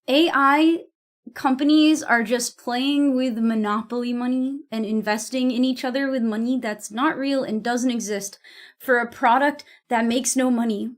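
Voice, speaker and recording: A young woman streamer with a high voice talks to her chat in a loose, rambling way. She is blunt and swears freely, often cutting herself off to restart a thought. She grew up on the US East Coast. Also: fairly even intonation, a little slow. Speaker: livestreamer. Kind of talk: casual chat to stream viewers.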